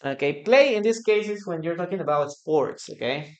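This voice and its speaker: A man's voice: on the high side, lively intonation, moderate pace, darkish tone. A man with a Peruvian Spanish accent, a native Spanish speaker, teaching a live online English lesson, repeating phrases for practice and answering viewers' comments.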